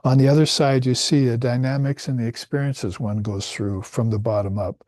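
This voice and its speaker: A man's voice: mid-range voice, fairly even intonation, normal speed, a little mellow, no room sound. A man giving a spiritual talk as a teacher, explaining Sanskrit terms with fillers and restarts along the way.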